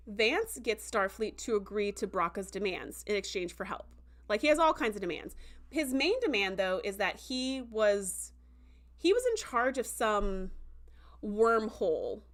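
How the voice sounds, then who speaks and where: A woman hosting a casual livestream review, chatty and full of "like" and "um" fillers, who slips into animated voices when quoting characters. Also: mid-range voice. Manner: breaks into animated voices for quotes.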